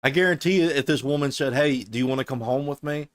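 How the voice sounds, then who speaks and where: A man's voice: mid-range voice, fast talker. A male streamer reacting to a clip, mocking and incredulous, swearing often.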